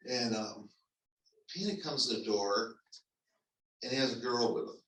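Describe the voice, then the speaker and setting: A man who is a pastor, telling a personal story to his congregation in a conversational, halting way with restarts. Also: medium pitch, a bit bright. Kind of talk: storytelling sermon. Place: church sanctuary. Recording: echoey church hall, mic at a distance.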